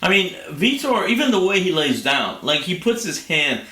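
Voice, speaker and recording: A man's voice: high voice, big pitch swings, moderate pace, sharp tone, reverberant. A man co-hosting a fight review podcast, talking bluntly and swearing often. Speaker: podcast co-host. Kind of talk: casual chat.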